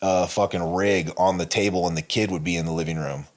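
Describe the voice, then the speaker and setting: Telling a candid personal story on the podcast he co-hosts, a man speaks a little fast in a low-pitched, steady voice. The story rambles, with frequent swearing and many fillers and restarts.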